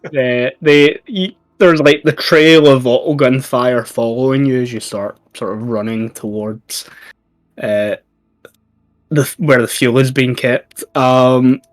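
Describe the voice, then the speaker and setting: A man narrating as game master of a tabletop game, unhurried and hesitant. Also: medium pitch.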